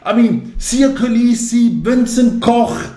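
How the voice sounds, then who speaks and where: Ranting man with a high voice. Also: slow pace, warm tone, roomy sound. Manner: ranting, swearing, fired up. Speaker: rugby channel host. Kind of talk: heated casual chat.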